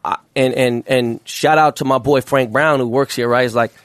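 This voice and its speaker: A man working as a jeweler, talking as a guest in a casual interview, using rapid, profane street slang with lots of fillers. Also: medium pitch, steady tone, no echo, studio quality.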